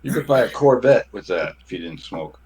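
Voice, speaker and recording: A man's voice: lowish voice, expressive, brisk, a little mellow, husky. A man in a casual chat among friends, chiming in with trivia and short asides. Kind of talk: casual banter.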